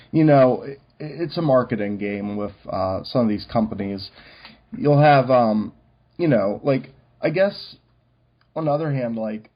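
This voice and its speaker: A man co-hosting a podcast in casual chat, talking loosely with many fillers. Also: mid-range voice. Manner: chatty, many fillers like "um" and "you know". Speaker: podcast co-host. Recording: dull lo-fi recording.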